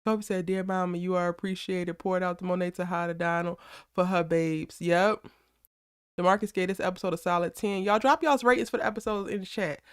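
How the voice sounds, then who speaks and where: A woman hosting a casual live aftershow, animated and slangy, talking straight to her chat. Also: on the high side, clean tone, no room sound, studio quality. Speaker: YouTube live aftershow host.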